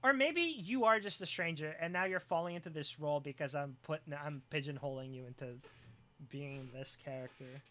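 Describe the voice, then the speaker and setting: Laughing, animated live streamer. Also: mid-range voice, moderate pace. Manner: joking and teasing, often laughing, sometimes yelling. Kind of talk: casual live-stream chat reacting to viewers.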